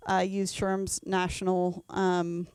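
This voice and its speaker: A woman's voice: fairly low pitch, monotone, slow pace, a little mellow, clean tone, no echo. A woman in her thirties, an HR leader presenting a conference talk with frequent ums and self-corrections. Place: event venue.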